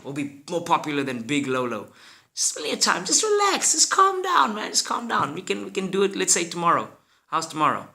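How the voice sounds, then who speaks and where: An easygoing young villager who keeps telling his friend to relax, as a man voices him in a story. The voice sits high and bright, with a gravelly edge. He swings up and down as he soothes. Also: wildly swooping pitch, fairly quick, full character voice. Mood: laid-back. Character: laid-back young male friend, calming.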